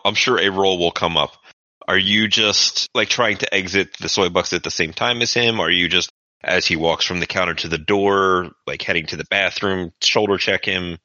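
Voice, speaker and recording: A man with a very low voice casually narrates a tabletop game as its game master, speaking at normal speed with a bright, forceful tone. The audio is dry and dull like a lo-fi podcast, with no room sound.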